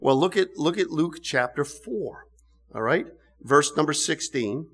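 Male preacher, middle-aged, slightly high-pitched, animated sermon delivery with restarts. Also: unhurried, husky. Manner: animated, rising to emphatic bursts, many restarts.

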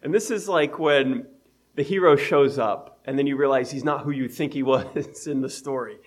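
A man's voice: fairly high pitch, big pitch swings, moderate pace. A man preaching an evening sermon in a conversational way, reading scripture aloud and laughing at his own everyday examples.

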